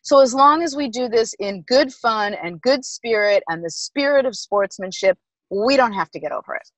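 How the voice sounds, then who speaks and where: A middle-aged woman, a former team executive, telling stories in an emphatic, lively interview manner. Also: fairly high pitch, moderate pace, no room sound, rough recording. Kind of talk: animated interview storytelling.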